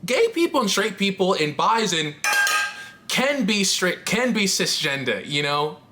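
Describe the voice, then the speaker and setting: A woman's voice: mid-range voice, sing-song, measured pace, background noise. A trans woman vlogging to camera in a candid, rambling chat, laughing often and swearing casually.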